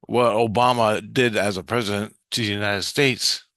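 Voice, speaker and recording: A man's voice: fairly low pitch, steady tone, normal speed, pushed and bright, dry recording, clean studio sound. A man rambling through a profane, intense monologue about his spiritual experiences.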